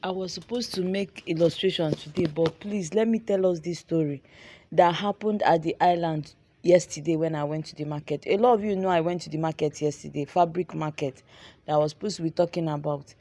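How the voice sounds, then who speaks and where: A woman's voice: low-pitched, fairly quick, dark tone, no room sound. A young Nigerian woman, a fashion designer and vlogger, animatedly retelling a dramatic story with lots of repetition. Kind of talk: storytelling vlog.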